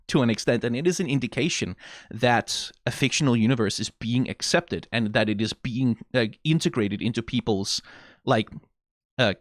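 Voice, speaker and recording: A man's voice: medium pitch, dry recording, studio quality. A man with a Danish accent giving casual, rambling reaction commentary, swearing freely and saying "like" often. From Denmark. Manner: rambling and profane, lots of "like". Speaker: reaction video host.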